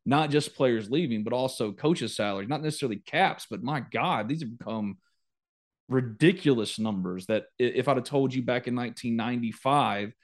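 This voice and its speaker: Joking, ranting man. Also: mid-range voice. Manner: animated, quick to joke and rant. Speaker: podcast host. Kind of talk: casual sports talk.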